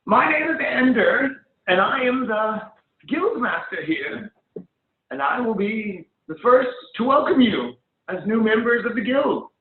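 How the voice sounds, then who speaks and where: A man voicing a small halfling woman guildmaster with a brisk, bossy manner, over phone-like call audio. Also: very high voice, expressive, reverberant, voice pushed up, heavily acted. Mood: formal.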